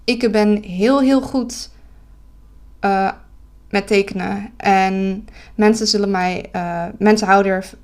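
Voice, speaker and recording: A woman's voice: medium pitch, steady tone, slow pace, darkish tone. A young Dutch woman with a Dutch accent, streaming live. She sounds tired, giggles often, and keeps correcting herself and apologizing as she chats casually. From Netherlands.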